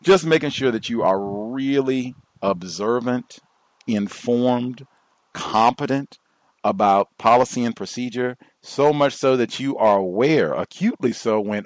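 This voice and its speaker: Man, talk radio host, deliberate emphatic delivery, lowish voice, dry sound. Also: no room sound.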